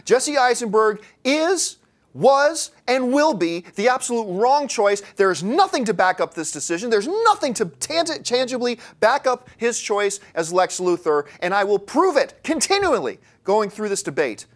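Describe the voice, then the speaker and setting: Theatrical man with a lively voice. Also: extremely high pitch, normal speed. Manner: theatrical, mocking, impassioned. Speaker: debater. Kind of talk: mock courtroom debate.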